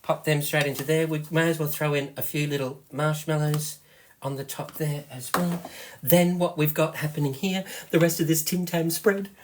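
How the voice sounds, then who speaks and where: An Australian man hosting a live cooking demonstration, chatty and excitable, often giggling as he talks to viewers. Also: on the high side, normal speed, slight background noise. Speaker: host, product seller.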